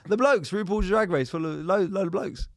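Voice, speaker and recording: A man's voice: sits high, normal speed, gravelly, no echo, studio quality. A man co-hosting a podcast, laughing a lot and slipping into silly voices in casual chat. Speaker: podcast co-host.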